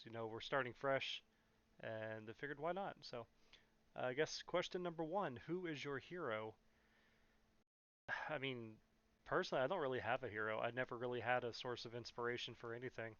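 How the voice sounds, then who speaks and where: Young man, rambling vlog talk, smooth voice, dry muffled recording. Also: mid-range voice, a bit bright. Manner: rambling, filler-heavy, blunt with swearing. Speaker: YouTuber. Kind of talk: casual Q&A vlog. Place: in California. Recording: dull, muffled, dry sound.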